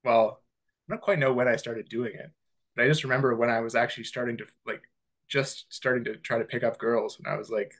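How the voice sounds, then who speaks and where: Male podcast co-host, mid-pitched, casual, animated, loose chat. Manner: rambling, animated, quick to laugh, many "like" fillers.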